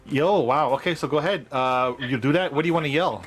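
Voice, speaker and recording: A man's voice: fairly high pitch, a little fast, soft background music. Casual man running a tabletop game. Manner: casual, explains rules and scenes with many fillers. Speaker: game master. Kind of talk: narrating a tabletop game for kids over a video call.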